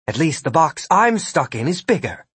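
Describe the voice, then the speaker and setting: A stubborn sorceress with a raised, husky voice, as a male narrator puts her on. She speaks bluntly and wryly, never backing down. The sound is dry and close. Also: on the high side, sing-song, moderate pace, fairly bright tone, dry recording, pitched above the performer's own voice, exaggerated voice. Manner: wry, blunt.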